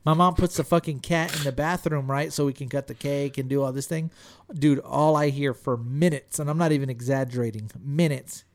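A man in a casual podcast chat, telling a profane story in an animated way and acting out quotes in a raised voice. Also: mid-range voice, a little fast.

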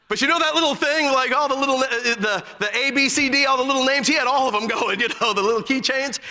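A male preacher delivering a fervent sermon, telling stories and breaking into emphatic shouts. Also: very high-pitched, fast talker, few pauses, in a large hall.

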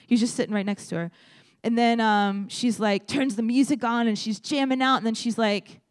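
A woman's voice: on the high side, steady tone, brisk, few pauses. A young adult woman preaching a sermon in a conversational, storytelling way, speaking directly to her audience.

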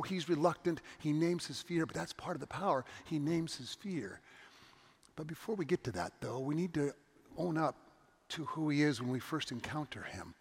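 Gravelly preacher in a big hall. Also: male voice, a little high, a bit bright. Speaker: pastor. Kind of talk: sermon.

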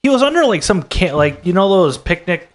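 A man's voice: high-pitched, sing-song, a little fast. A man from northern Minnesota with a Minnesota accent, rambling through laid-back stories in casual chat.

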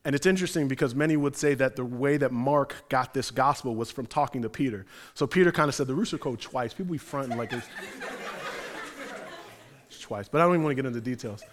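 A male preacher giving a sermon with animated, conversational, slangy storytelling. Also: mid-range voice, fast. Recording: long hall reverb.

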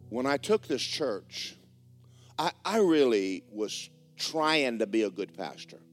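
A man preaching a sermon as the pastor of a church, telling a story in a lively way that swings between hushed and loud. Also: medium pitch, takes it slowly. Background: faint guitar music.

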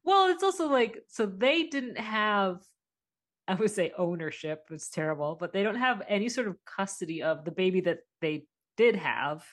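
A woman's voice: mid-range voice, animated, normal speed. A woman co-hosting a casual podcast, chatty and rambling with self-deprecating humor. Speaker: podcast co-host. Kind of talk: casual chat.

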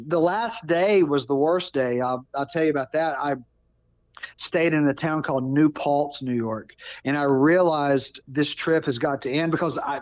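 A man in his thirties telling a personal story in casual talk, animated, often restarting and repeating words. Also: fairly high pitch, dry recording. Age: 30s. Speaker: podcast guest.

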